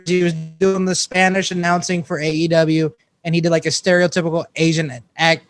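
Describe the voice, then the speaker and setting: A man with a high voice chats with friends on a podcast. He fills in the details of stories and tells the others off when their jokes go too far. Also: flat delivery, soft background music. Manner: quick-witted, chiding, explains things. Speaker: podcast co-host. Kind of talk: casual banter.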